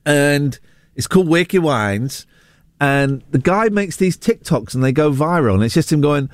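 A man's voice: fairly high pitch, expressive, normal speed, no room sound, clean studio sound. A man hosting a casual breakfast radio show, chatting playfully. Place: radio studio. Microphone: studio mic.

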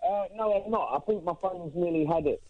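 A man's voice: high voice, fairly quick, no echo. A male caller to a radio show, giggly and hesitant, on a weak phone line.

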